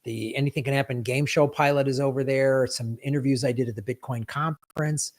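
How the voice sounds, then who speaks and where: A man's voice: mid-range voice, steady tone, a little fast, darkish tone. A man hosting a live stream in casual chat, playful, breaking into sound effects and silly rhymes. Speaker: livestream host.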